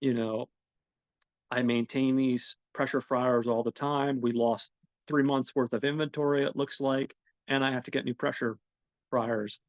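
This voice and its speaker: A frazzled restaurant owner, stressed to the bone and stammering in panic, as a man puts him on. The pitch jumps higher when he yells. The sound is dry and a little dull. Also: steady tone, unhurried, no echo, close to an everyday voice. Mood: indignant. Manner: shouting in disbelief, flustered and stammering.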